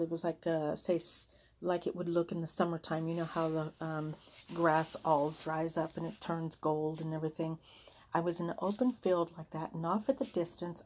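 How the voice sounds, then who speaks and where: A woman with a somewhat low voice tells a personal story to her friends. She talks casually and earnestly, drifting into little re-enactments of what was said. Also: darkish tone. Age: adult with children. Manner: chatty, earnest, re-enacts heated arguments. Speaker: vlogger sharing a personal vision.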